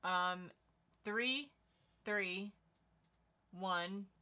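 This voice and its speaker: A woman's voice: mid-range voice, extremely slow, bright, forceful tone. A woman co-hosting a casual livestream, chatting and reading out viewer comments. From Connecticut. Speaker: co-host of a livestream.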